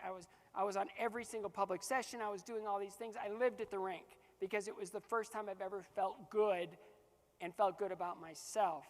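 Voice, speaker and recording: A man's voice: high voice, big-room sound. A man giving a motivational keynote to a live audience. He tells stories, acts out the dialogue and laughs often. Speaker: motivational speaker.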